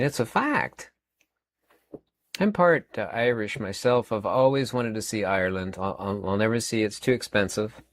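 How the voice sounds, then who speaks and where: A man in his fifties giving a rambling, emphatic opinion monologue as a channel host, often repeating words and using fillers. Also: fairly low pitch. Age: 50s.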